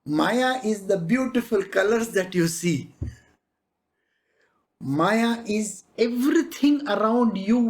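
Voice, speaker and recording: A spiritual master giving a devotional discourse, telling a parable with frequent chuckles. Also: medium pitch. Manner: slow storytelling, chuckling.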